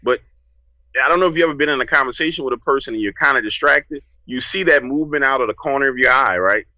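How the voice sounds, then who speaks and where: A man, a podcast guest telling a story in a casual, lively way and acting out what he said back then. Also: mid-range voice, fast talker, no room sound, poor audio. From New Orleans, USA. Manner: lively, acts out his own past lines.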